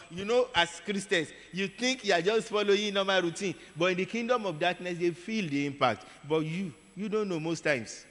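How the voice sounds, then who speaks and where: Bright-voiced preacher in an echoing hall. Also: male voice, sits high, moderate pace, hardly any pauses. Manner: animated, acts out voices, repeats words for emphasis. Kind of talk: storytelling sermon. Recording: long hall reverb.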